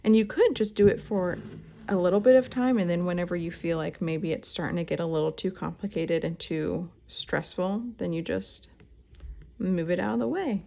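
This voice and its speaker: Relaxed, slightly gravelly woman teaching. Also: lowish voice, moderate pace. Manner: chatty, self-deprecating, relaxed asides. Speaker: embroidery instructor. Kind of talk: casual tutorial talk while stitching. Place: at home, indoors.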